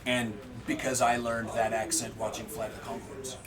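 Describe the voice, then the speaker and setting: A man's voice: on the low side, level tone, normal speed. A man chatting casually at a tabletop game session, rambling through a story with many fillers. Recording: distant mic, loud table chatter.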